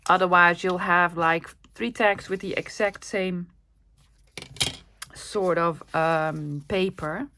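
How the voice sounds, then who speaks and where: A woman's voice: lowish voice, steady tone, slow, pushed and bright, slight background noise. A woman from the Netherlands with a Dutch accent, hosting a casual craft-along chat and talking to herself as she works. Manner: chatty, talks to herself while working. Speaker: crafting channel host.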